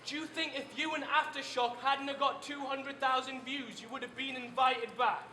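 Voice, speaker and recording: High-voiced man battle rapping. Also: fairly even intonation, moderate pace. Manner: taunting, insulting delivery. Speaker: battle rapper. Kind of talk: live battle rap. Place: live event venue. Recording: echoey room, loud crowd noise.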